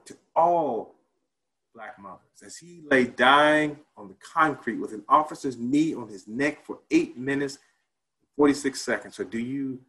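A man's voice: medium pitch, a bit bright, low-quality recording. A man presenting at a conference, reciting a spoken-word piece of repeated rhetorical questions that rise and then fall almost to silence. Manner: rhetorical, rising on questions and dropping to near silence.

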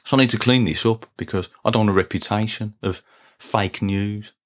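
Deadpan middle-aged man. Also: on the low side, normal speed. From Birmingham, England. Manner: earnest, deadpan, plodding. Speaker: podcast host. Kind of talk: scripted comic monologue.

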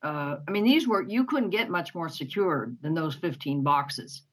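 A woman with a notably low voice talks politics on a podcast. She sounds emphatic and indignant as she presses her points. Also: animated, moderate pace, slightly rough, rough recording. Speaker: podcast co-host. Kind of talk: casual political discussion.

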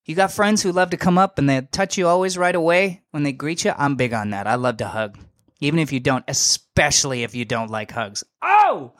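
A young man hosting a podcast, telling a story in a casual, animated and slangy way, emphatic and full of asides. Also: on the high side, brisk, no echo, studio quality. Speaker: podcast host.

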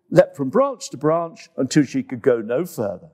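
A man reading a children's story aloud in an expressive, unhurried way as the host of a summer story time. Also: mid-range voice.

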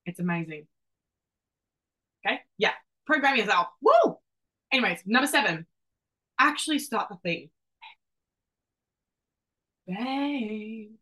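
A woman's voice: medium pitch, lively intonation, takes it slowly, pauses often, pushed and bright, rough recording. A woman in her twenties hosting a solo motivational podcast, brash and casual, swearing freely and calling the listener babe. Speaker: podcast host.

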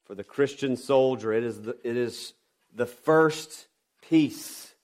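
A pastor preaching a sermon, emphatic, with rhetorical questions and swings from loud stresses to quiet drops. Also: male voice, mid-range voice, slow pace.

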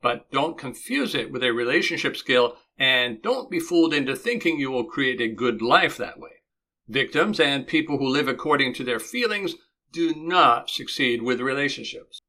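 A man with a bright, forceful voice gives calm, instructive relationship advice on his podcast. He speaks in a mid-range voice and acts out short lines of dialogue between spouses. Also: medium pitch, moderate pace. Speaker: relationship coach and podcast host. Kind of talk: scripted podcast advice monologue.

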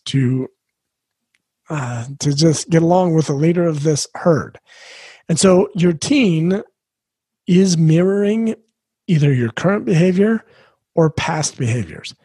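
Husky guy coaching parents, kinda high voice, dry close mic, earnest. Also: dark tone, no echo. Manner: earnest, coaching, asks the listener questions. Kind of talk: talk to parents.

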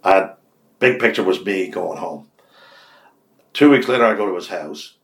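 A low-voiced older man with an Irish accent recounts his past like a born storyteller. He jumps up in pitch to play the people in his tales, and the recording has a noticeable room echo. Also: normal speed, vocal fry. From Ireland. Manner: lively storyteller, acts out quoted dialogue with big pitch jumps. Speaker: radio host, interview guest. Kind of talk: anecdotal storytelling in an interview. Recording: roomy echo.

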